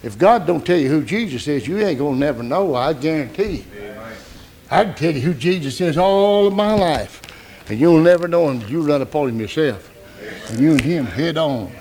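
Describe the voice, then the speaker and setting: An older man preaching a sermon in a folksy way, breaking into shouts and laughing asides. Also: on the high side, animated, moderate pace.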